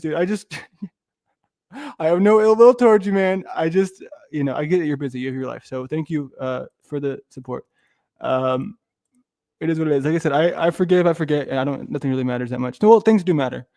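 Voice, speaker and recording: A man's voice: on the high side, brisk, mellow, dry recording, clean studio sound. A man hosting a livestream, rambling through casual commentary with lots of swearing and restarts. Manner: rambling, profane, loses his thread. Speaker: streamer host.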